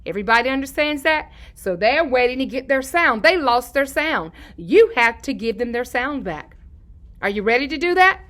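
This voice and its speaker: Bright-voiced woman teaching young children. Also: high-pitched, very animated. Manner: sing-song, repeats key words slowly; asks questions and answers them herself. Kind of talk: children's lesson to camera.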